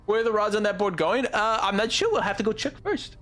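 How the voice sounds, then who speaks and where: Young man, very high voice, bright tone, excitable rambling game commentary, faint music behind. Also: a little fast. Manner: excitable, rambling, laughs often. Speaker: streamer.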